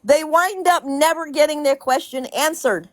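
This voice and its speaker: Blunt high-voiced woman ranting. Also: unhurried, dry recording. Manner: blunt, profane, laughing between points; repeats herself for emphasis. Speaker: social media commentator. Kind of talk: casual ranting vlog.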